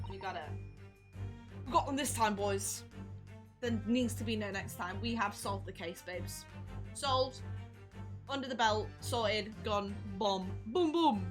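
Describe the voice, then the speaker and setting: A woman's voice: mid-range voice, measured pace, pauses often, faint music behind. A young woman streaming a game, joking playfully and reading its dialogue aloud.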